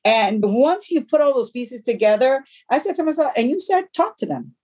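A middle-aged woman, a guest in an interview, speaking earnestly and haltingly about her grief, with many restarts. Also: sits high, lively intonation, mellow. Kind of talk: emotional personal interview.

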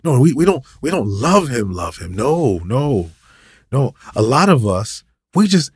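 A man's voice: mid-range voice, sing-song, measured pace, husky, no room sound, clean studio sound. A man preaching an impassioned, ranting sermon, full of repetition and rhetorical questions.

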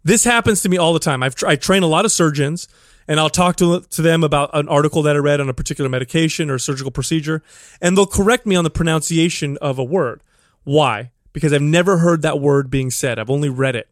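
A man's voice: on the high side, fast talker, no room sound, clean studio sound. A man co-hosting a podcast, a fitness trainer explaining his approach in an earnest, rambling way. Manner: earnest, explanatory, many restarts. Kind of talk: casual podcast chat.

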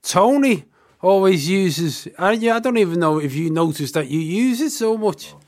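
High-voiced man asking interview questions. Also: animated, normal speed. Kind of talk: podcast interview.

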